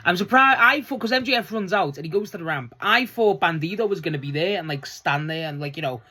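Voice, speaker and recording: A wrestling fan reviewing last night's show in a loose, chatty vlog, swearing freely and laughing often, with the voice jumping up high when excited. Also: fast talker. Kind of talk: casual solo review vlog.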